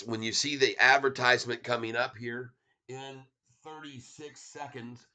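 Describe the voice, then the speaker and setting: An excitable man hosts a stock market livestream. His voice is bright and forceful, and he rambles in a loose, casual way while chuckling and talking straight to his viewers. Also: medium pitch.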